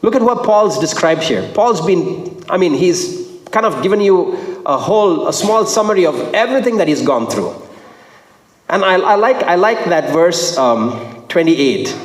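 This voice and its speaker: A man preaching a sermon, emphatic, repeating his phrases and swinging between low and high notes. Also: lively intonation, unhurried. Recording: echoey hall with long reverb.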